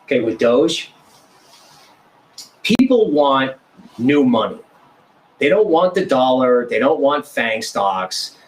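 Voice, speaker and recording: A man joining a casual roundtable as a guest. He speaks in short, punchy phrases and states his views firmly, at an ordinary pitch. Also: very animated, takes it slowly, long pauses, poor audio. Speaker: guest panelist.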